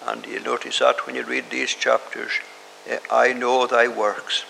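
A man preaches with a heavily gravelly voice that has a bright, forceful edge. He speaks in a measured way and pauses often with hesitations. The recording has a long hall reverb and faint hiss. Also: mid-range voice, flat delivery. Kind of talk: sermon.

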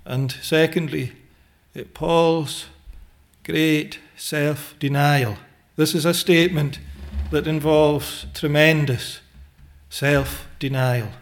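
A man preaching a sermon in a slow, deliberate way, pausing often with "eh" and quoting old scriptural phrasing. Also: a little high, steady tone.

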